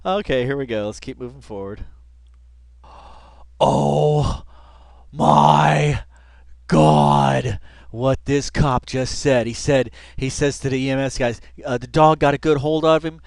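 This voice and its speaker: A man's voice: medium pitch, fairly even intonation, slow pace, gravelly, darkish tone, no room sound. Laid-back male reaction host, chatty and giggly, recorded dry and close. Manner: laid-back, laughs often, says dude and man a lot. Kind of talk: casual reaction commentary.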